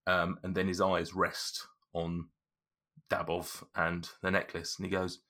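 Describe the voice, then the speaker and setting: Low bright-voiced guy gm-ing, keeps restarting sentences. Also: completely flat delivery, measured pace. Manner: hesitant, lots of restarts. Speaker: game master. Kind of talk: narrating a tabletop game.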